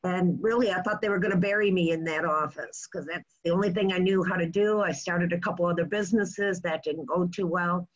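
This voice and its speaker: A woman's voice: fairly low pitch, steady tone, a little fast, few pauses, highs cut off. A woman sharing a personal testimonial in a chatty way, with many fillers.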